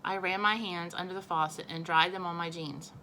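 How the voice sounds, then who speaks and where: A woman teacher reading a children's novel aloud, expressive and correcting her own small slips. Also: lowish voice, fairly quick, a little hiss or hum, low-quality recording.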